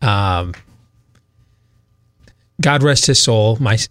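A man from Michigan, a radio talk show host, telling a long story in a rambling, animated way with many fillers and laughs. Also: fairly low pitch, very slow. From Michigan, USA.

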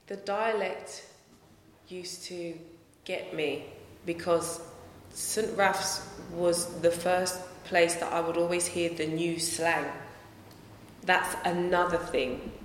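A woman's voice: fairly low pitch, slow pace, slight background noise. A woman singer, answering interview questions in a conversational way, often correcting herself. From England. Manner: conversational, self-correcting, lively tangents. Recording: echoey room with long reverb.

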